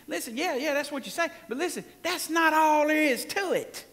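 A man's voice: very high-pitched, lively intonation, moderate pace, a bit bright. A man preaching a sermon as pastor, folksy and emphatic, drawing responses from the congregation. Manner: folksy, emphatic, with frequent laughs and call-and-response. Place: church sanctuary. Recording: long hall reverb in a church.

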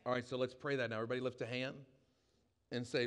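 A pastor preaching a conversational sermon to a live congregation, often asking the room questions. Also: male voice, mid-range voice, flat delivery, fast, pauses often, smooth. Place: church hall with live audience.

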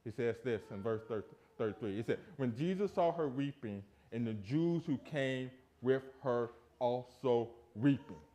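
Emphatic preaching man, lively pitch. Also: unhurried, hardly any pauses. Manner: emphatic, rhetorical questions, swings from loud to hushed. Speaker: pastor. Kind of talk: sermon. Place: church sanctuary.

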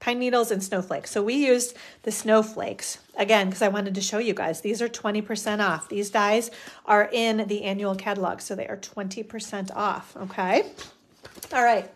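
Working through a live stamping demonstration, this middle-aged woman keeps up a chatty, rambling stream of self-talk full of fillers and small laughs. She speaks at normal speed, her medium-pitched voice steady in tone.

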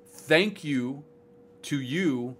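A man with a somewhat high voice hosts a livestream, speaking straight to viewers. His talk is loose and blunt, with many fillers, restarts and "bro"s. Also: expressive, drawn-out words, fairly bright tone, a little hiss or hum. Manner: blunt and rambling, full of "like", "um" and "bro". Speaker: streaming platform staff host.

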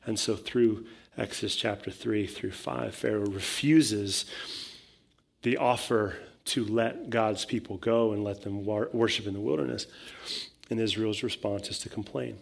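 A man preaching a sermon as pastor, talking casually, acting out voices and building to loud, emphatic preaching. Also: fairly low pitch, unhurried, creaky.

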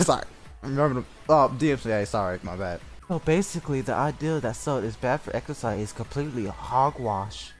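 A man's voice: medium pitch, animated, a little fast, faint music behind. Laughing, word-stumbling male streamer. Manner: laughing often, stumbling over words. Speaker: streamer hosting a group reading. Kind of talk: casual group banter on a stream.

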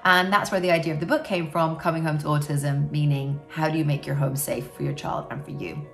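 A woman's voice: sits low, fairly even intonation, fairly quick, vocal fry, faint music behind. A woman sharing her experience as a parent in a frank, reflective talk to camera, often saying "you know". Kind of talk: candid personal talk to camera.

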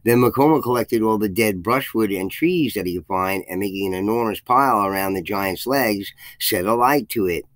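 A man's voice: fairly low pitch, normal speed, hardly any pauses, fairly bright tone, no echo, low-quality recording. A man reading a folk legend aloud, lifting his voice for the quoted lines, with occasional slips. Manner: reads with archaic phrasing, raises his voice for quoted speech, slips and restarts. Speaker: channel host reading a legend. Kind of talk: reading a folk tale aloud, then commentary.

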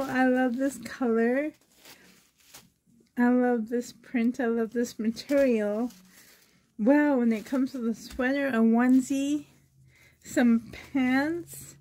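A reborn doll vlogger from Canada, her voice fairly high and a little mellow, gushes and exclaims over each gift she unboxes in casual chat to the camera. She sounds sore and a little strained.

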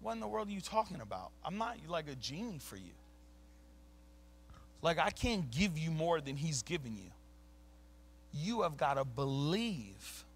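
A man's voice: fairly high pitch, big pitch swings, measured pace, long pauses, slightly rough. A man preaching a sermon as a pastor, emphatic and conversational, dropping casual slang between points. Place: church sanctuary.

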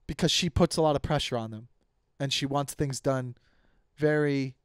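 A man's voice: mid-range voice, normal speed, clear, resonant tone. Profane rambling male podcast host. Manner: profane, rambling with many restarts. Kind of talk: casual comedic rant.

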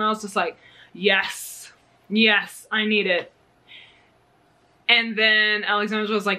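A woman's voice: medium pitch, steady tone, unhurried, long pauses, bright, forceful tone. A young woman from the US chatting casually in a knitting vlog, bubbly and gushing, often giggling. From United States. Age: young adult. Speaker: knitting vlogger. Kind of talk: casual yarn haul chat.

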